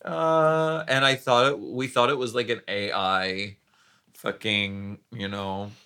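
A man's voice: fairly low pitch, steady tone, takes it slowly, bright, forceful tone, clear, resonant tone. A man co-hosting a chatty podcast in a campy way, drawing out words and using many fillers. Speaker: podcast co-host. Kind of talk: casual chat.

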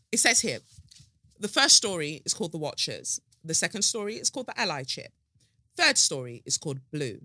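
A woman's voice: low voice, bright, forceful tone, dry recording, studio quality. A woman hosting a podcast in a casual, playful monologue, swearing freely. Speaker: podcast host.

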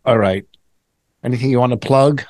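A man's voice: mid-range voice, moderate pace, a little mellow, dry recording. An older man co-hosting a comedy podcast, joking and bragging in casual banter. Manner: boastful, joking. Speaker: podcast co-host.

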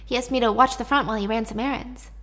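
A woman's voice: fairly high pitch, fairly even intonation, quick pace, a bit bright, lightly acted. A woman voicing a nervous young male employee who stammers and gets defensive.

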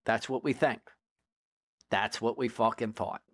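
A man recounts an old case as a podcast guest, animated and profane, often turning to the listener with a quick "right?". His voice sits at an ordinary middle pitch. The recording is dry, with no room sound. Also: breathy edge, no echo. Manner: profane, animated storyteller who keeps checking in with "right?". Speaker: former federal drug agent, guest. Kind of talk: casual storytelling in a podcast interview.

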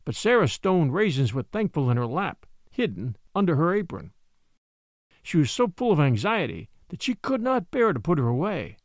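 A man reading an old storybook tale aloud, narrating in an expressive, unhurried way. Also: on the high side, no room sound, studio quality.

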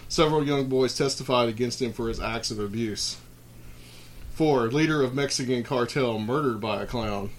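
A man's voice: medium pitch, normal speed, a little hiss or hum. Man reading a spooky list, casual. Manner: reads list items, then rambles with fillers and restarts. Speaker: podcast host.

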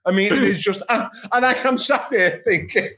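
A middle-aged man from England, a football journalist on a podcast, telling a long anecdote with animated asides and exasperated re-enactments. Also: sits high, moderate pace. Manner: animated storytelling, acts out his own exasperation.

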